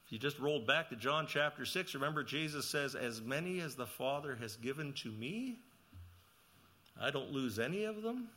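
A man preaching a sermon, asking the listeners questions and reading scripture, rising to loud emphatic peaks and dropping to quiet low passages. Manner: asks the listeners questions and reads scripture aloud. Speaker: pastor.

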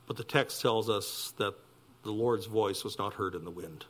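A man, preaching a sermon with animated delivery that climbs loud and high for emphasis and drops to near whispers. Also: normal speed. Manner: animated preaching, rising loud and high for emphasis, dropping soft for quiet lines. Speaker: pastor.

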